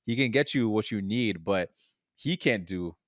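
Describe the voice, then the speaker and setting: A man's voice: lowish voice, lively intonation, normal speed, dry recording, studio quality. A young man co-hosting a podcast, chatting about a film in a rambling way, laughing often and trailing off. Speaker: podcast co-host. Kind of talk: casual film discussion.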